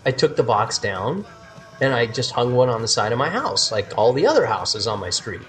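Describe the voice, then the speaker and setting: Animated male podcast co-host. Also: mid-range voice, moderate pace, soft background music. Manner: animated storytelling, laughs easily. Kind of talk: casual chat.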